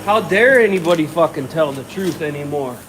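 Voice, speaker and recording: A man's voice: a little high, animated, fairly quick, a bit bright, a little hiss or hum, poor audio. A middle-aged man in his own workshop, ranting bluntly and swearing constantly in casual talk. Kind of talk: casual rant.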